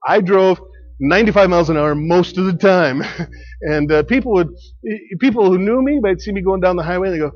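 Guy giving a chatty sermon, bit high voice, husky, muffled lo-fi sound. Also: brisk. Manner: conversational, laughs often, emphatic swings in loudness. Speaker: preacher.

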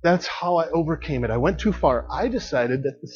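Male preacher, conversational and emphatic, husky voice, dull low-fi recording. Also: lively intonation, fairly quick. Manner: conversational, laughs often, emphatic swings in loudness. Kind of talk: sermon.

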